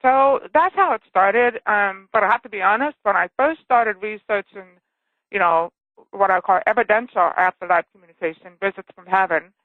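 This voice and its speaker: A woman author tells her story over the phone in an earnest, involved way. Her pitch sits in the middle, and the line is tinny and dry. She keeps checking in with the listener as she goes. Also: normal speed, no echo. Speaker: author and guest. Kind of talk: phone interview, personal story. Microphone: telephone.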